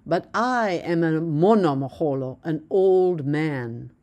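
A woman's voice: fairly low pitch, lively intonation, darkish tone. A woman voicing a proud, solemn old village elder. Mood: earnest. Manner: slow, emphatic, solemn.

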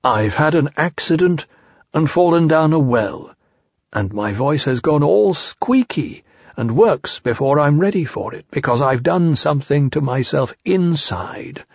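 Pooh, a man doing a slow musing bear. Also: on the high side, lively intonation, husky, no room sound, exaggerated voice. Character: simple, gentle male teddy bear. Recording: dull, dry lo-fi recording.

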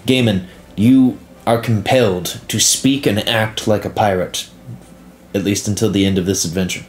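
A man narrating as game master of a tabletop game, relaxed and dotted with "uh" pauses. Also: lowish voice, a little hiss or hum.

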